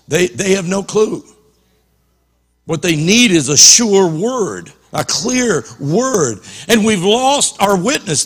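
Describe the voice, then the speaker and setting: A man's voice: high-pitched, a bit bright, long reverb tail. A man preaching a passionate sermon as a pastor in a church, often repeating and restarting his words.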